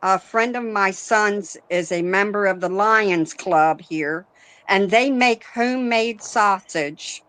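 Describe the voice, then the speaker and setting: A woman's voice: mid-range voice, slow pace, a bit bright, clean tone, no echo. A woman chatting as a guest on a livestream, enthusiastic and talkative. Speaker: guest caller. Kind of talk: casual group chat.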